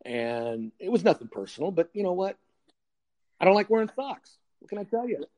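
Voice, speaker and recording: A man's voice: high-pitched, big pitch swings, normal speed, mellow. Wry older man spinning a story. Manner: blunt, wry, acts out dialogue with lots of "I go" and "he goes". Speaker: retired police detective telling a story. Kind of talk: casual anecdote storytelling.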